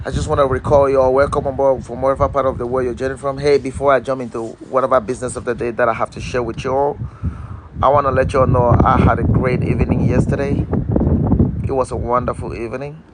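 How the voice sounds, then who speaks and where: A man's voice: mid-range voice, flat delivery, fast, slight background noise. A man hosting a casual live-stream outdoors, speaking in a repetitive, emphatic, inspirational way. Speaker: motivational livestream host.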